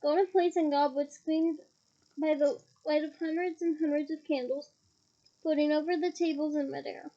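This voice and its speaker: A woman's voice: sits high, fairly even intonation, moderate pace, dark tone, dull audio. A woman reading a novel aloud expressively, with small slips and asides. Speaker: reader.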